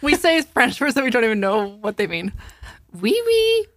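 A woman's voice: a little high, lively intonation, fast, a bit bright, no room sound, clean studio sound. A woman co-hosting a casual podcast, talking in a loose, laid-back way and swearing freely. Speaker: podcast co-host.

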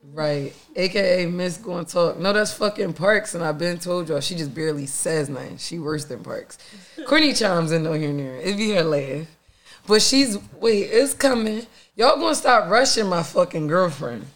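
A gravelly, tired-sounding woman hosts a podcast, rambling loosely and cursing as she talks. Her voice has a sleepy, husky-edged fry. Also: fairly low pitch, animated, normal speed. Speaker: podcast host. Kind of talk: casual podcast chat.

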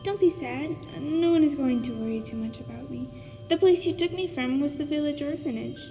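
A woman's voice: sits high, brisk, warm tone, long reverb tail, faint music behind, pitched above the performer's own voice. A woman doing a plucky little orphan girl. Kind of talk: storybook reading.

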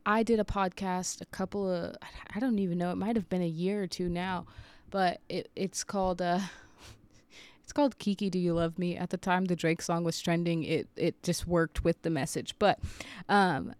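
A woman's voice: on the low side, steady tone, moderate pace, a little mellow, clean tone, no room sound. A woman in her thirties, a preacher, sharing an earnest, confessional story in a personal devotional talk. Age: 30s.

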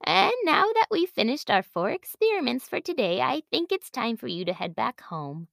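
A woman voicing a kindly older woman neighbor in a storybook, gentle and welcoming. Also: a little high, sing-song, moderate pace, vocal fry, no room sound, studio quality, full character voice. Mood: teacherly.

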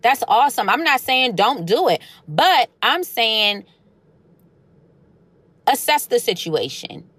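A woman chatting casually to camera, retelling a story in an animated way and acting out the voices of the people in it. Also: fairly high pitch, takes it slowly, long pauses, husky, dry recording.

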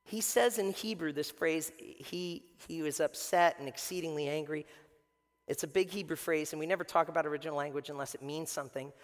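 A man preaching a sermon to a congregation, swinging from shouting to hushed tones and acting out the lines he quotes. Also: on the high side. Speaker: pastor. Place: church sanctuary before a congregation. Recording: echoey hall reverb.

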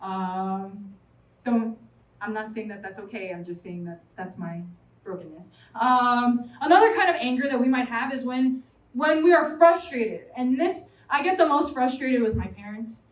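High-voiced young woman preaching from afar. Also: normal speed. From New York City. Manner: animated, chatty, jokes with the audience. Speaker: preacher at a college fellowship. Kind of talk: sermon. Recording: roomy sound from a distant mic.

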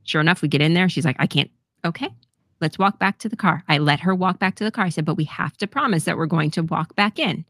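Low-voiced candid woman telling a story. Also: quick pace, a bit bright, no echo, clean studio sound. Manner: candid, swears freely, laughs often. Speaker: podcast co-host. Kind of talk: casual storytelling.

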